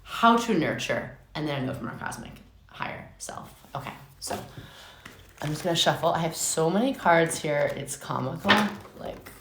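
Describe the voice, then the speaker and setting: A young adult woman giving a casual live tarot reading, chatty and excitable, swearing often. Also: low-pitched, moderate pace. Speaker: tarot reader. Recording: echoey room with faint noise.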